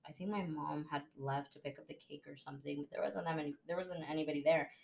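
A young woman with a slightly low voice tells a heartfelt personal story on a podcast. She chats casually and acts out the people she quotes. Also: steady tone, fast talker, gravelly, a little mellow, slight background noise. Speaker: podcast host. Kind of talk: casual chat.

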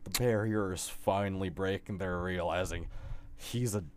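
A man's voice: low voice, normal speed, darkish tone, a little hiss or hum. A man from New Jersey co-hosting a casual podcast, reacting with groans and sarcastic asides. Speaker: podcast co-host. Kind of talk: casual recap chat.

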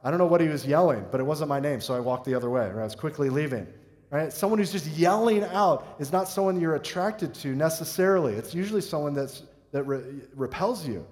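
Joking preacher in a reverberant hall. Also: male voice, on the high side, animated, fairly quick, a little mellow. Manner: conversational, joking, asks the congregation questions. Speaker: pastor. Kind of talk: sermon.

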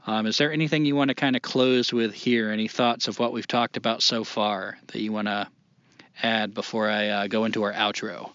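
A man's voice: fairly low pitch, fairly even intonation, fairly quick, fairly bright tone, no room sound, dull audio. A man hosting a casual podcast, talking loosely, swearing and poking fun at himself. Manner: loose, swearing, self-deprecating. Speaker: podcast host.

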